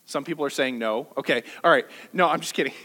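A man preaching a sermon to his church, conversational and lively, with jokes and rhetorical questions. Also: on the high side, quick pace. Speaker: pastor. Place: church service.

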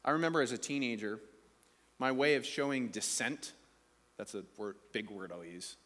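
A man's voice: mid-range voice, lively intonation, normal speed, a bit bright, big-room sound. A man preaching a sermon in a conversational, playful way, asking the congregation questions. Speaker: pastor.

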